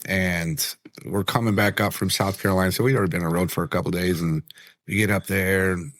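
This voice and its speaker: A man from Virginia, a band member guest, telling an animated story with frequent laughter in a casual podcast chat. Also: deep voice, fast talker.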